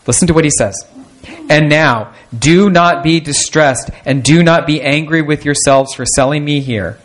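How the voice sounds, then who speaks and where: Guy preaching a sermon, pretty high voice, reads verses then leans hard on the big lines. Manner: reads scripture aloud, then explains it with emphatic asides. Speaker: pastor.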